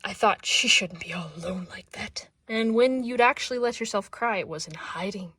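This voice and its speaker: A woman voicing a brooding emo young man, reading his tender, protective words in a hushed, half-whispered way. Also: mid-range voice, moderate pace, breathy edge, no echo, clean studio sound.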